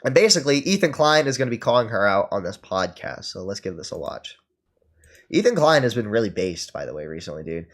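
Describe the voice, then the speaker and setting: Dude ranting on stream, sarcastic, swears a lot, lots of "like" and "okay". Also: male voice, mid-range voice, big pitch swings, a little fast. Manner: profane, sarcastic, lots of fillers. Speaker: streamer reacting to a podcast. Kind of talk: casual ranting commentary.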